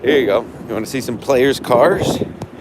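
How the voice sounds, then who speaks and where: A man's voice: medium pitch, normal speed. Brash ranting man on a noisy street. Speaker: livestream host. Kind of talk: walking livestream vlog. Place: outdoors around a stadium. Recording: noisy outdoor street sound.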